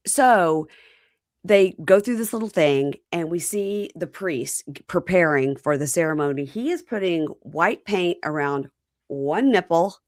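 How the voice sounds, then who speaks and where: A woman hosting a podcast, telling a story in a casual, animated way and acting out what people said. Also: lowish voice, measured pace, no room sound, studio quality. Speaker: podcast host. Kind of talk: casual recap chat.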